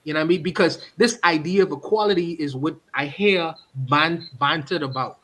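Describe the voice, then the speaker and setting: A man with a somewhat high voice talks through a casual podcast discussion. He presses his point earnestly and laughs often between sentences. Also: normal speed, a bit bright. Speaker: podcast host.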